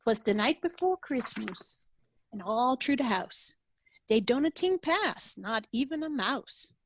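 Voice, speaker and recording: A woman's voice: fairly high pitch, sing-song, unhurried, a bit bright, dry recording, exaggerated voice. A woman reading a rhyming Christmas poem aloud in a put-on Cajun accent over a video call. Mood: folksy, storytelling. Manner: sing-song rhyming recitation.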